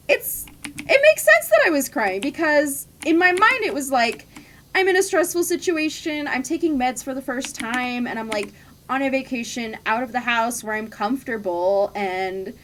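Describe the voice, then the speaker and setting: Candid, chatty woman in her 20s, slightly high pitch; casual stream talk with soft typing behind. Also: slight background noise. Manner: candid, chatty, frequent "like" fillers. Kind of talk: casual chat while gaming.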